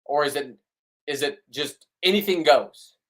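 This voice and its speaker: A man's voice: a little high, unhurried. Blunt riled-up middle-aged man. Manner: blunt, riled up, rambling with restarts. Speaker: vlogger. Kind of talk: ranting casual monologue to camera.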